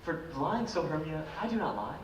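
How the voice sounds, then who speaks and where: A man's voice: fairly high pitch, sing-song, moderate pace, slight background noise. A man playing an ardent young lover. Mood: coaxing. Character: ardent young male lover, smooth-talking. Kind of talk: live stage play. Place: school auditorium stage. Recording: echoey hall from far off.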